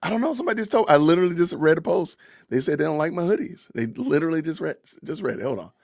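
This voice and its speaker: At home, with his family audible in the kitchen, a drawling middle-aged podcast host chats casually on a livestream, laughing frequently with his viewers. His gravelly, slightly husky voice is fairly high, animated, rapid-fire, and a little mellow. It's a dry, close recording with little room around it.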